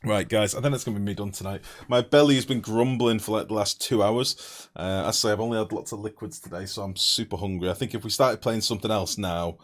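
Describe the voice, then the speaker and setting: A man's voice: fairly low pitch, fast, few pauses. A young man chatting casually on a live stream, blunt and rambling, swearing freely. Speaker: game streamer.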